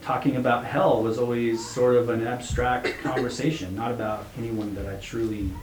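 A man voicing a desperate father who protests and begs for his children, loud and strained. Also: mid-range voice, level tone, normal speed, crowd noise, close to an everyday voice. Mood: stunned. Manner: pleading, crying out. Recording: roomy echo, faint hum.

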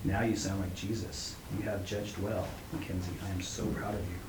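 A man voicing a calm, wise woman who speaks softly and insistently. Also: medium pitch, normal speed, close to an everyday voice. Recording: roomy echo, faint hum.

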